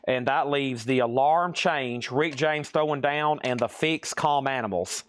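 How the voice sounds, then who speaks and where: A man hosting a live-stream record sale, briskly reading out items, buyers and prices, and checking in with "okay?". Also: mid-range voice, a little hiss or hum.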